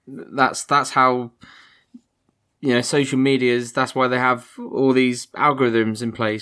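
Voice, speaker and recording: A man's voice: mid-range voice, a bit bright, clear, resonant tone. A man in a casual podcast chat, reflecting on points and hedging with "you know".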